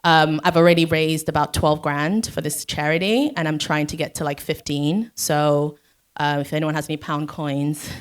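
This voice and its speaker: A woman's voice: low voice, fairly even intonation, moderate pace, clean tone. A woman speaking as a guest on a live panel, chatty and self-mocking, laughing often.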